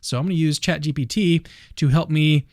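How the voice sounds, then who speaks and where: A man's voice: a little high, a little fast, darkish tone, dry recording, clean studio sound. A man hosting a channel, reading a paper summary aloud in a casual commentary style, with self-deprecating asides. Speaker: channel host.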